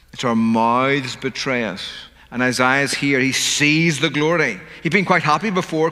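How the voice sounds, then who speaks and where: A man preaching a sermon, slowing down to stress key words. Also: mid-range voice, pushed and bright. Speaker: pastor. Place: church sanctuary. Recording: church hall with long reverb.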